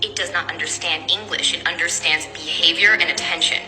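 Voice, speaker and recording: A woman's voice: lowish voice, steady tone, brisk. A woman giving an emphatic, direct motivational speech. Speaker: motivational speaker. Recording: reverberant hall, soft music.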